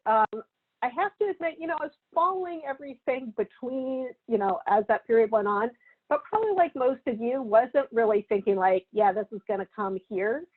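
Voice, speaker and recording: A woman giving a conversational public health lecture, unhurried and full of ums and uhs. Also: mid-range voice. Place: Seattle area. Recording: tinny phone-like audio.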